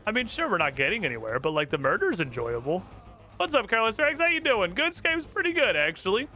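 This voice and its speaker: Very animated and quick, this young man's high-pitched voice sounds bright and forceful as he streams a fantasy game. He jokes around and swears casually in loose gameplay commentary, with game music in the background.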